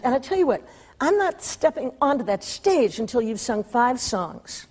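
Husky high-voiced woman telling stories. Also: moderate pace. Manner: lively, laughing often, acting out quoted voices. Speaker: interview guest. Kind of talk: storytelling anecdote.

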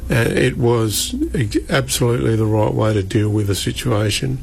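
A man, a radio guest speaking earnestly and haltingly with many restarts. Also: mid-range voice, steady tone, gravelly, a little hiss or hum. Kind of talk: radio interview.

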